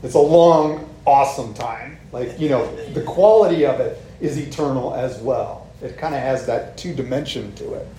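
Conversational preacher in an echoey church. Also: male voice, mid-range voice, normal speed, few pauses. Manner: conversational, animated preaching with frequent "right?" and "like". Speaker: pastor. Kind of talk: sermon. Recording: echoey room with faint ambient noise.

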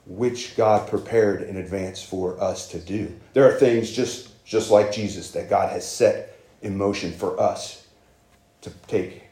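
A man's voice: lowish voice, moderate pace, warm tone, echoey room. A man preaching a sermon as pastor, earnest and conversational, with emphatic rises.

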